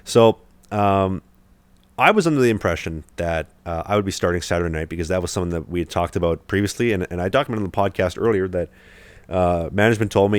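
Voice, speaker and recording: A young man with a very low voice rattles through a podcast story at a quick clip, doubling back with fillers and restarts. He sounds close to the mic, with a dry, dead room around him. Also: clear, resonant tone, no echo. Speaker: podcast host, hockey goalie. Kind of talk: casual podcast chat.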